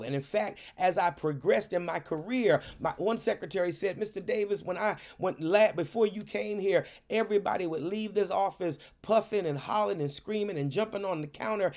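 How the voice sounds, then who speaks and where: A middle-aged man preaching in a high-pitched voice. He stacks repeated phrases and drops "hallelujah" between thoughts, with a pastor's sermon cadence. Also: darkish tone. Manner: punctuates phrases with "hallelujah", repeats words for emphasis.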